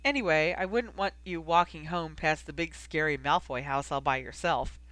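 A woman's voice: deep voice, moderate pace, a bit bright, dry recording. Woman narrating a story, dry and close. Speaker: audiobook reader. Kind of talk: fan fiction audiobook narration.

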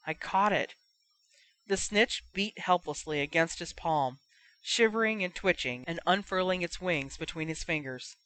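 A woman reading a fan fiction story aloud in a measured narration. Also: fairly low pitch, fairly bright tone. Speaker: audiobook reader.

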